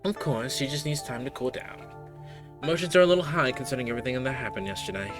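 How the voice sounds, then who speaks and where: Man plays a kindly motherly shopkeeper, gentle and raised. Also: mid-range voice, fast, faint music behind, pitched above the performer's own voice, lightly acted.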